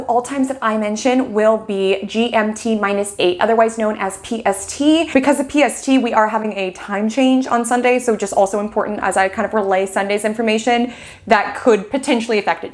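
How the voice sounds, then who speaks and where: A young woman with a slightly high voice talks through an astrology forecast in a loose, chatty way. She leans on "like" and slips into quick acted-out quotes of everyday scenes. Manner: chatty, lots of "like", acts out little quoted scenes. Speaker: astrologer host. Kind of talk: casual forecast monologue.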